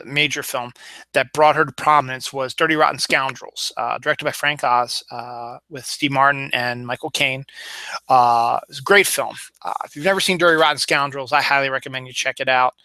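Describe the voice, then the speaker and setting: A Baltimore man in his forties with a light local accent hosts a solo podcast, rambling casually with lots of fillers and restarts. His voice sits on the high side, bright and forceful, and the recording is dry.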